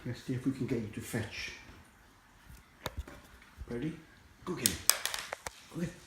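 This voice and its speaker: Casual man, mid pitch, sing-song pet talk, echoey home room, noisy phone recording. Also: expressive, moderate pace. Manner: coaxing, talks to his monkey in a sing-song pet voice. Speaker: pet vlogger. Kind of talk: casual pet video narration. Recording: echoey room with noticeable noise.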